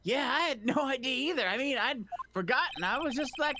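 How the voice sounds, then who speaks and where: A woman's voice: high voice, expressive, brisk, pushed and bright, a little hiss or hum. A woman co-hosting a let's play, chatting casually and joking with loose, stammering talk. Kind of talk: casual chat while playing.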